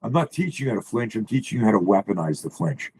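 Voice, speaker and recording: Husky-voiced man coaching on a video call. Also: lowish voice, fast talker, poor audio. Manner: blunt, profane, animated explaining. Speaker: self-defense coach. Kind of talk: presenting slides on a video call.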